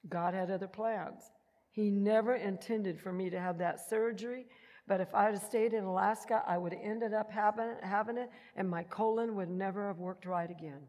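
A woman giving a personal testimony in an animated storytelling manner, acting out the voices she quotes. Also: medium pitch. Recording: long hall reverb.

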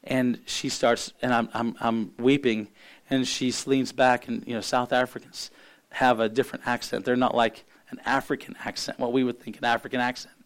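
A man preaching and telling a personal testimony, halting and repeating words as he speaks. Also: mid-range voice, little pitch movement. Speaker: minister. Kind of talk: sermon testimony.

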